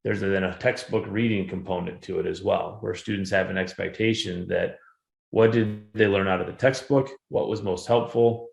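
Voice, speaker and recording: A man with a low, gravelly voice gives a relaxed, conversational talk to a conference audience. He speaks like an educator sharing his classroom experience. The sound has a noticeable room echo. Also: moderate pace. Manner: conversational, animated when retelling anecdotes. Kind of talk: conference presentation. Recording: roomy echo.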